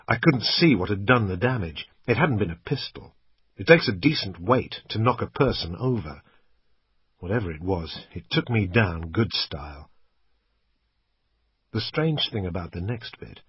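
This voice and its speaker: A man with a husky voice narrating a thriller in the first person, in a tense, gritty way. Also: mid-range voice, no echo. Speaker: audiobook narrator. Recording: muffled lo-fi recording, dry.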